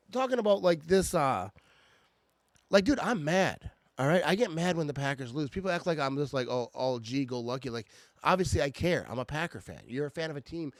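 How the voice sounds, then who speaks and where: A man's voice: mid-range voice, no room sound. A man in a casual, irritated fan rant about his team, stammering and restarting often. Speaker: sports fan vlogger.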